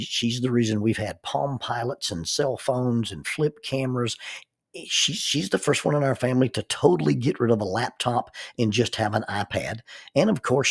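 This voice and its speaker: Man from the US, gravelly, husky, casual rambling storytelling, repeats words, dry close sound. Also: medium pitch, no room sound. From United States. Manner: rambling, repeats words while thinking aloud. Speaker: counselor and minister telling a story.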